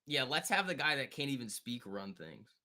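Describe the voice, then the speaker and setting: A man hosts a live stock market stream, chatting casually, joking, and reacting to viewers and charts. His mid-range voice swings widely in pitch, moving at a moderate pace with a pushed, bright tone.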